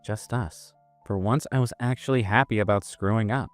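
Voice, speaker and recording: A man's voice: lowish voice, moderate pace, no echo, faint music behind. A man narrating a story in the first person, in a casual, self-mocking manner.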